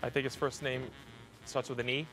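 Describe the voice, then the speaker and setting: Man, playful teasing banter, fast lively bright voice, off-mic with faint music. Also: mid-range voice, rough recording. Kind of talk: joking banter.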